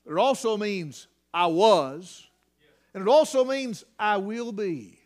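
A man preaching a sermon, swinging between hushed near-whispers and shouted emphasis. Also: high voice, slow pace.

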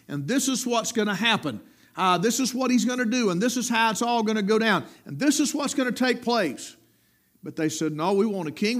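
A middle-aged man preaching a sermon, with rising emphatic peaks and low dropped endings. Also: a bit bright.

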